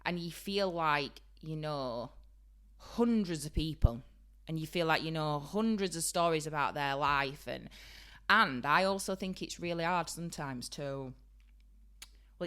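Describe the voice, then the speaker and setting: A woman's voice: sits low, fairly bright tone. A woman with a Yorkshire accent co-hosting a podcast in casual, giggly chat about the beauty trade. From Yorkshire, England. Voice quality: bubbly, giggly, chatty. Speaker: podcast co-host, beauty trainer.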